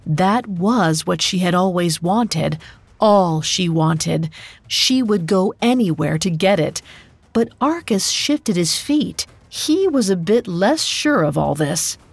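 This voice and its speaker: Woman reading a myth real slow, gravelly low voice, dry studio with soft music behind. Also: lively intonation, no room sound. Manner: slow, measured storytelling. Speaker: narrator. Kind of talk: scripted narration.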